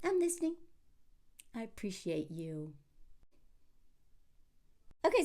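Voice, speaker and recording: A woman giving blunt, animated reaction commentary in a casual vlog, swearing freely as she talks. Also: fairly high pitch.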